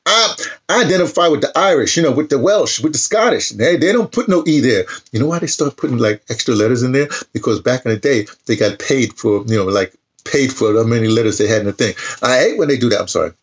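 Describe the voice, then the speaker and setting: A man's voice: medium pitch, lively intonation, fast, slightly rough. A man in his sixties reads an old newspaper article aloud, breaking off into rambling asides and restarts. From United States. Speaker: YouTube channel host. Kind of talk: casual reading and commentary.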